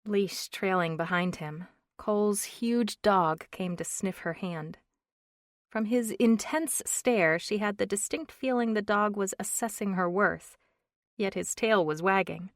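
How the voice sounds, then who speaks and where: A woman narrating a romance audiobook in an even, measured reading. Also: medium pitch, no room sound, clean studio sound. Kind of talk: scripted narration.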